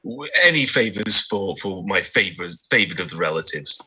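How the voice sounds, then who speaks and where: A man playing a fawning, jovial male hobbit cousin who stammers his flattery. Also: low-pitched, normal speed, slightly rough, full character voice, poor audio.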